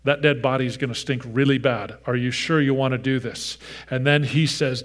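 Male pastor giving a sermon, earnest, goes loud then drops to a hush, talks to the kids in the pews. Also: mid-range voice, steady tone, moderate pace. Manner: earnest, shifts between loud emphasis and hushed softness; addresses children in the congregation directly.

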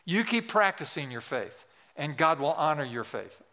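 With big pitch swings in a fairly high voice, a pastor in his sixties speaks at normal speed in a bright, forceful tone. His emphatic sermon in a large church repeats key phrases and poses questions to the congregation, captured with long large-hall reverb.

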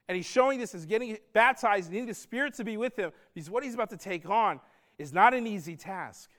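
Earnest high-voiced preacher. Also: male voice, a bit bright. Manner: earnest, conversational preaching with rising emphasis. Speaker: pastor. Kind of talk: sermon.

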